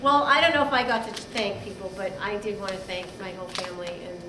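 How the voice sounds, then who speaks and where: A middle-aged woman giving an informal birthday toast to her father, halting and giggling, with many fillers. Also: mid-range voice, steady tone. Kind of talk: informal party speech. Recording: echoey hall, far mic, loud crowd noise.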